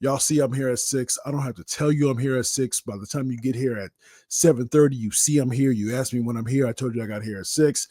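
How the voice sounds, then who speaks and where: Man, casual sports talk, mellow tone, husky, repeats words, acts out scenes. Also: mid-range voice, fast, no echo, studio quality. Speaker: guest sports commentator.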